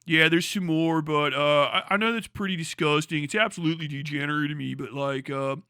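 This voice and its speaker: A man's voice: a little high, steady tone, fairly quick, sharp tone, clean tone, no room sound, studio quality. Man doing a hesitant YouTuber. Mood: sheepish. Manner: mumbling, hesitant apology. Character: mocking impression of a British male YouTuber. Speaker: streamer.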